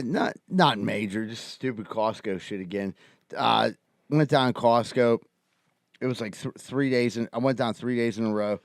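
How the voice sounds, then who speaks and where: A man's voice: medium pitch, gravelly, dry recording, studio quality. A man hosting a podcast, telling loose rambling anecdotes and laughing a lot. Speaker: podcast host. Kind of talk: casual chat.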